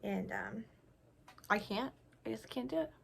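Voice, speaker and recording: Young woman, slightly high voice, chatty, self-deprecating, casual makeup vlog. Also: expressive, a little slow, creaky, slight background noise. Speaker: beauty vlogger. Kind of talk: casual makeup tutorial chat.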